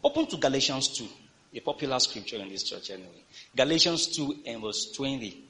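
A male pastor with a medium-pitched, brisk voice preaches a sermon in church. He reads scripture and delivers it with lively call-and-response, urging the congregation to answer back.

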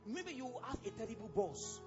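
A man with a Nigerian accent preaching a sermon as pastor, fiery and exclamatory, breaking into sudden shouts. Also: extremely high pitch, big pitch swings, brisk, highs cut off, over music.

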